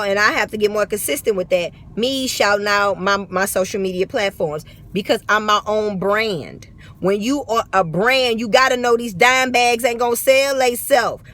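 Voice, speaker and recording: A woman's voice: on the high side, fairly bright tone. A woman with a St. Louis accent giving blunt, profane, emphatic motivational talk in a vlog, recorded on a phone. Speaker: vlogger.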